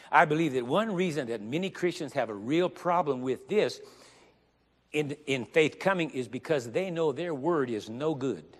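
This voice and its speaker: Emphatic preacher man in a reverberant hall. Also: mid-range voice. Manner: emphatic, rising to loud stressed phrases, slows down on scripture. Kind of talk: sermon. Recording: long reverb of a large hall.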